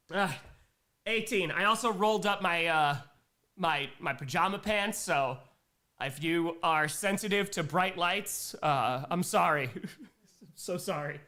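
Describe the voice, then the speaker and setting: A young man chats casually on his livestream with a high, bouncy voice that swings all over. His tone is bright, and he rambles, giggling between thoughts as he thanks viewers. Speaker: livestream host.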